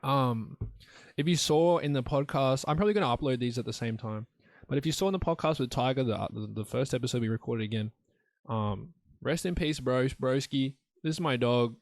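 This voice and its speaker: A man's voice: mid-range voice, dry recording, clean studio sound. Blunt rambling young man. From Australia. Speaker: solo podcast host. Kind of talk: rambling casual monologue.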